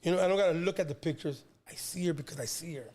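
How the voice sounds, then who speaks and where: Here a rapper guest, a man in his fifties from San Diego, California, races through a long personal story. His voice is a little high with a darkish tone, and his casual telling is rambling and slangy, with many repeated words.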